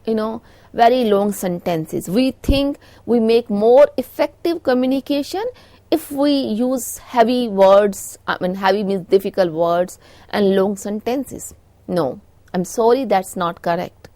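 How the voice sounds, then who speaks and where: A middle-aged woman with an Indian English accent gives a recorded lecture, working through her points with frequent "you know" fillers. Her mid-range voice is unhurried and dark in tone, with no echo.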